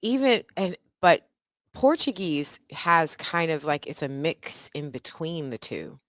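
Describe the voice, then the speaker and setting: A woman's voice: deep voice, very animated, takes it slowly, dry recording. A woman hosting a casual video call, chatty, restarting her sentences and laughing easily. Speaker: host.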